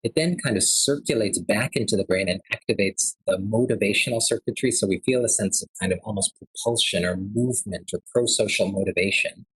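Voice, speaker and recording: A man's voice: on the low side, a little fast, few pauses, a bit bright, husky, dry recording, rough recording. A man in his thirties giving an earnest, conversational lecture at a health forum, telling a personal story with frequent fillers.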